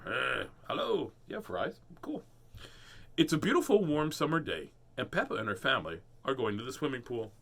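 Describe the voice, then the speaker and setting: A man's voice: medium pitch, very animated, a little fast. A man hosting a casual live read-aloud of children's books, playful and goofy, often laughing at himself. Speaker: host reading children's books.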